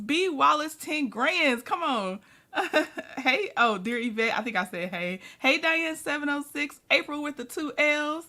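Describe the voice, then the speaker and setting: A woman's voice: high-pitched, animated, measured pace, sharp tone. A woman hosting a casual livestream, chatty and laughing often, sleepy and yawning as she greets her viewers by name. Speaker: livestream host.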